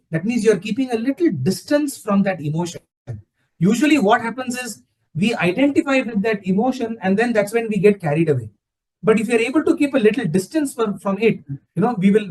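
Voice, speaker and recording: Husky man giving a spiritual talk. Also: high voice, darkish tone, rough recording. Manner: storytelling, switches into Hindi phrases, frequent "you know". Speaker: satsang speaker.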